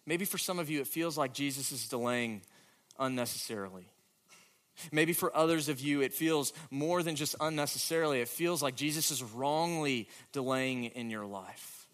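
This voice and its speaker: A man preaching a sermon with a dramatic delivery that moves between hushed, quiet moments and emphatic, louder questions. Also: medium pitch, normal speed. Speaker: pastor.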